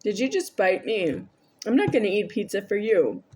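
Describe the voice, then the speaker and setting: A woman's voice: mid-range voice, wildly swooping pitch, moderate pace, mellow, a little hiss or hum. A woman vlogging a rambling, argumentative monologue to camera, addressing an unseen listener.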